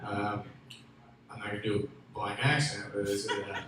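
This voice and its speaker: A man from Memphis doing a stand-up comedy set, rambling and restarting, with loud bursts on his punchlines. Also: lowish voice, completely flat delivery, normal speed. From Memphis, USA. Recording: echoey room with faint ambient noise.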